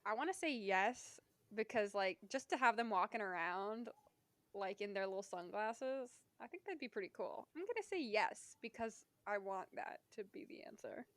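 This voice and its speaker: A young woman co-hosting a casual podcast, telling stories in an animated and playfully indignant way. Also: mid-range voice, normal speed, dry recording. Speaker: podcast co-host.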